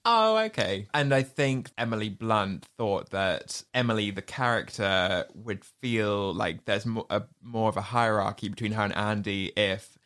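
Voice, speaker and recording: A man's voice: on the low side, unhurried, hardly any pauses, fairly bright tone. Enthusiastic man co-host. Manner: enthusiastic, laughing, loose fillers. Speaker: podcast co-host. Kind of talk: casual chat about a film.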